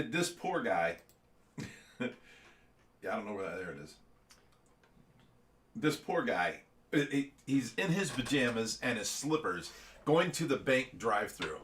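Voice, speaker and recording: A man's voice: medium pitch, big pitch swings, slow pace, pauses often, a bit bright. A man co-hosting a casual livestream, telling a story with lots of laughter and acted-out quotes. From Ohio. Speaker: livestream co-host.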